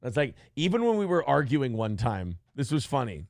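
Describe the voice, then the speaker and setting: A man with a gravelly, creaky voice tells a story on a podcast, swooping widely in pitch as he goes. He talks casually and swears a lot, and he acts out the shouts of the people he quotes. His voice is recorded close and dry, with no room sound. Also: normal speed, no room sound. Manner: animated, profane storytelling. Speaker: podcast host. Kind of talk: casual chat.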